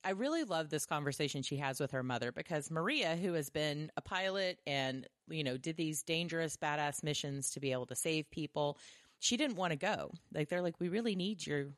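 Podcast co-host: woman, deep voice, animated swearing movie recap, dead-dry sound. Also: fairly quick, no room sound. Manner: animated, swears freely, retells scenes. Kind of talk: casual movie review chat.

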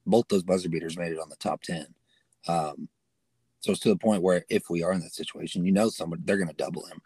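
A man co-hosting a casual sports podcast, retelling events with animated excitement. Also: low voice, fast, slightly rough, dry recording. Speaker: podcast co-host.

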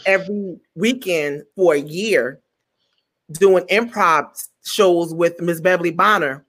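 A woman comedian telling a story in an interview, animated, acting out quotes and stumbling over repeated words. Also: lowish voice, a little slow. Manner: animated, acts out quotes in other voices.

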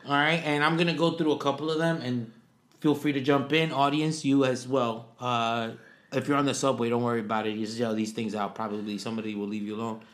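A man co-hosting a podcast, chatting casually in an animated way with quick laughs. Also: medium pitch. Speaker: podcast co-host. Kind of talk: casual chat. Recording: roomy echo.

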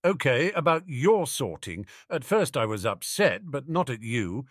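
A man's voice: mid-range voice, sing-song, measured pace, no room sound, voice pushed up. A man voicing a resentful teenage boy who speaks with dry sarcasm. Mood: bitter. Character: bitter, sardonic teenage boy.

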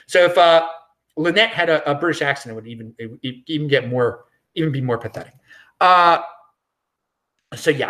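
Male solo podcast host, opinionated and rambling, lively swooping pitch. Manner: opinionated, rambling, frequent restarts.

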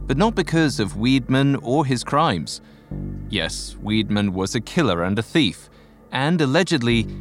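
A man serving as guest host, delivering a scripted history narration. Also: mid-range voice. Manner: animated, expressive storytelling.

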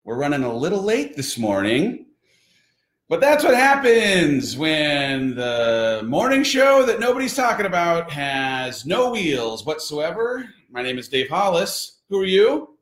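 A man's voice: on the high side, very animated, unhurried, a bit bright, roomy sound. A man hosting a playful morning show at home with his little daughter, using a goofy announcer manner. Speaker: host.

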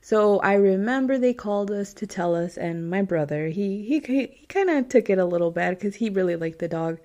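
A woman's voice: medium pitch, animated, normal speed, mellow, dull audio. A woman hosting a podcast, reading listener stories in a casual, chatty way, often laughing and getting tearful. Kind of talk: casual chat.

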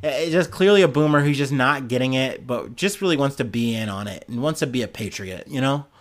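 A man's voice: mid-range voice, lively intonation, a little fast. A young man hosting a podcast, giving casual, profane, sarcastic news commentary and often laughing. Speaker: podcast host.

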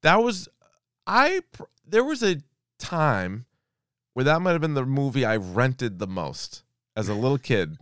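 A man's voice: medium pitch, sing-song, measured pace, fairly bright tone, smooth, no room sound, studio quality. A man in his thirties co-hosting a podcast in casual chat, laughing often and swearing freely. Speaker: podcast co-host.

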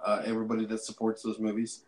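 A man's voice: lowish voice, completely flat delivery, fast talker, a little mellow, a little hiss or hum. Wry teasing male podcast co-host. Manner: wry, teasing, mocking impressions. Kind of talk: casual chat.

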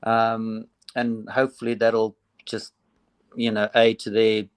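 A man's voice: lowish voice, monotone, takes it slowly, smooth, no echo. A man with a South African accent, an assistant cricket coach chatting casually with many fillers in a phone interview. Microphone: phone line.

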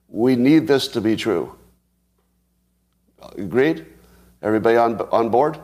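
A man's voice: medium pitch, lively intonation, measured pace, pauses often, darkish tone. A man giving solo commentary on news headlines, sarcastic, with mock outrage, restarts and chuckles. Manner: thinks aloud with restarts, chuckles. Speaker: commentary host.

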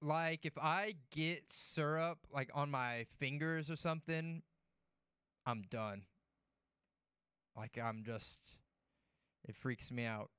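A man co-hosting a sports talk show, his voice smooth and a touch high, recorded dry and close. He tells rambling, loose stories and peppers them with "like". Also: takes it slowly, pauses often, fairly bright tone, no room sound. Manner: rambling storyteller, heavy use of "like". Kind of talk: casual chat.

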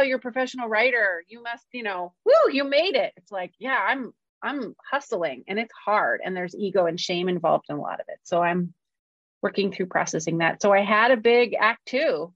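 A woman's voice: lowish voice, no room sound, muffled recording. A woman, a professional writer, talking frankly and earnestly in a casual conversation, swearing now and then. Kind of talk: candid conversational chat.

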